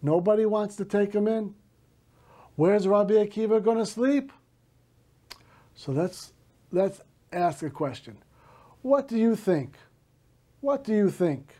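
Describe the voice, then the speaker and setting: A male teacher slowly reading a story aloud to a class, stopping to gloss words in Hebrew. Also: high-pitched, expressive, mellow.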